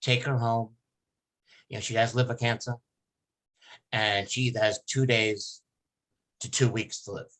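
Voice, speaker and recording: A man's voice: lowish voice, steady tone, moderate pace, long pauses, a bit bright. A man hosting a podcast, telling a long, emotional personal story in casual chat, rambling with many restarts. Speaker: podcast host.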